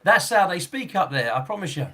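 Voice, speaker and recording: A man in his sixties chats casually on a podcast, his voice sitting a little high for a man. He rambles, breaks off mid-sentence and chuckles between thoughts. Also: very animated, brisk, bright, forceful tone, breathy edge. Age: 60s. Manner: rambling, chuckling, with frequent fillers and restarts. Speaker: football referee and podcast host.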